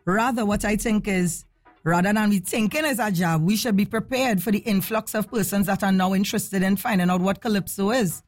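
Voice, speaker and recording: A woman hosting a call-in radio talk show, animated and opinionated, firing off rhetorical questions. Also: medium pitch, brisk, faint music behind.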